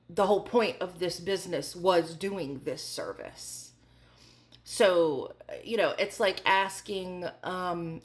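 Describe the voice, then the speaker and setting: A woman in her forties telling a candid storytime vlog in a chatty way, full of fillers. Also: on the low side. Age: 40s. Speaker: vlogger.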